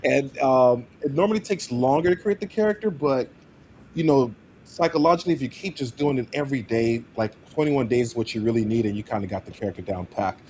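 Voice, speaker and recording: A man of average pitch speaking as an actor guest in a relaxed podcast chat. He talks in an animated way and often laughs mid-sentence. A faint hiss sits under the recording. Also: brisk. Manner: animated, laughs while talking. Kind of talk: casual podcast interview.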